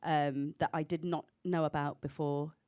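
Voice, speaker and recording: A woman actor in a panel chat, telling animated stories and laughing often. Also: deep voice, moderate pace, smooth.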